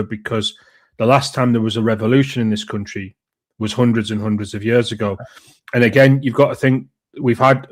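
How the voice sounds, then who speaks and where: A man, co-hosting a political live stream, speaking in a measured, deliberate way with emphatic rises. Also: mid-range voice. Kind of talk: political commentary.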